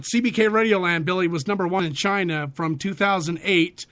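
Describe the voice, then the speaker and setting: A middle-aged man hosting a radio show in loose, rambling casual banter, quick to laugh. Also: high-pitched, fairly bright tone.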